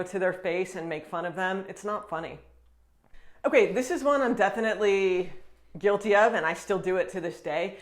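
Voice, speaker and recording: Chatty American woman vlogger. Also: mid-range voice. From United States. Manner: animated, chatty, quick laughs. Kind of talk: casual talk to camera.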